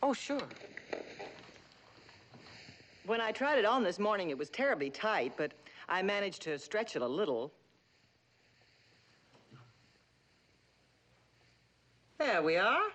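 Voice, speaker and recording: A weary out-of-work actress. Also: female voice, mid-range voice, big pitch swings, brisk, a bit bright. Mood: obliging. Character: weary former actress hired as double. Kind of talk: 1960s TV drama acting.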